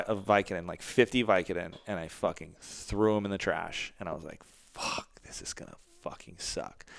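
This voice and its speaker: A man's voice: deep voice, creaky. A man in his forties telling stories candidly in an interview, swearing often and acting out what people said. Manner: candid, heavy swearing, acts out quotes. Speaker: podcast guest, band frontman. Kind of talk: casual interview storytelling.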